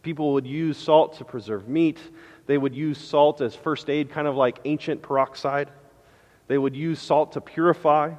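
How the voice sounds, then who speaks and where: A man preaching a sermon as pastor, impassioned, moving from loud declarations to hushed pleading. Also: on the high side, in a large hall. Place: church sanctuary.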